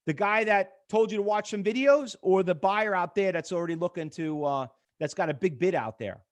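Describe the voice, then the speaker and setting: High-pitched and at a moderate pace, a middle-aged man instructs a live trading class with a chart displayed. The instructor is animated, spinning stories and acting out quoted dialogue.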